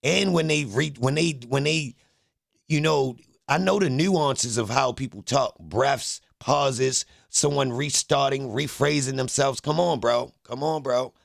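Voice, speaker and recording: Heated livestream commentary comes from a male host whose medium-pitched voice is gravelly. He's blunt and profane as he rants at his chat, and the studio-quality audio has no echo.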